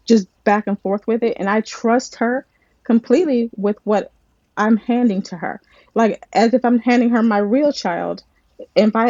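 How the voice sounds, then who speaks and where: In a relaxed interview, a screenwriter and script supervisor with a mid-range voice recounts stories animatedly, frequently starting sentences over. The audio has no echo, and its highs are cut off.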